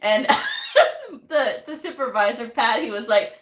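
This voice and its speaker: A woman giving a casual motivational talk to camera, chatty and animated, telling stories with quoted asides. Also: on the high side, unhurried, long pauses. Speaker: medical coding vlogger. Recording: echoey room.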